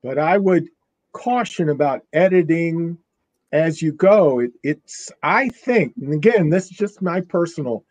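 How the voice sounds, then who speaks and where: An older man, an author, talking as an interview guest, halting and repeating himself. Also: a little high, lively intonation, a little mellow, no room sound. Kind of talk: casual interview chat.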